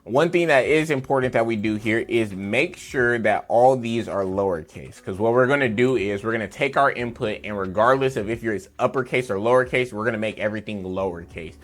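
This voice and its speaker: Sharing his screen, a man teaches a beginner programming lesson in a loose, chatty style, full of fillers and playful asides. His voice is mid-range, fairly quick, with few pauses, in a casual coding tutorial.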